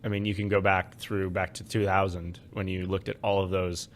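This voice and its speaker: A man co-hosting a finance podcast, talking in casual chat, wry and animated as he explains with frequent fillers. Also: deep voice, normal speed, slight background noise. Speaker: podcast co-host, investment adviser.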